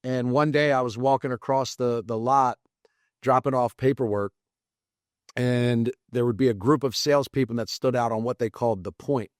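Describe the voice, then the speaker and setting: A man telling his career story as a podcast guest, lively and acting out the quoted dialogue. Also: mid-range voice, normal speed, no room sound, studio quality. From United States. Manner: animated, acts out quoted dialogue. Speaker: podcast guest, real estate investor. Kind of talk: casual storytelling interview.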